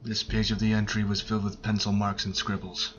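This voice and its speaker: A man narrating a creepypasta reading in a flat, measured way. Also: lowish voice, highs cut off, faint music behind.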